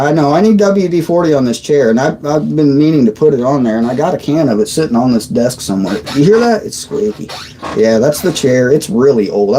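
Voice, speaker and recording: A man's voice: mid-range voice, dark tone, slight background noise, rough recording. A man in his thirties hosting a casual livestream chat from his desk, rambling and trailing off mid-sentence. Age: 30s. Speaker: livestream host. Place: at a desk on a squeaky old chair.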